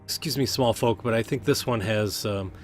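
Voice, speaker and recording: A man voicing a stern, towering giant princess in a tabletop game who speaks with slow, measured command. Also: fairly low pitch, faint music behind, natural voice. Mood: menacing.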